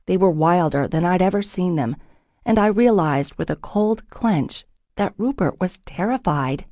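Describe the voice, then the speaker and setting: A woman narrates a first-person audiobook in a steady, expressive read. Her voice sits low and mellow, recorded close with a dry, dead studio sound. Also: normal speed, dry recording.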